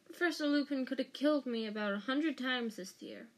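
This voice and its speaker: A woman's voice: sits high, brisk, pitched above the performer's own voice, lightly acted. Woman reading a teen boy wizard, defiant, indignant, raised voice.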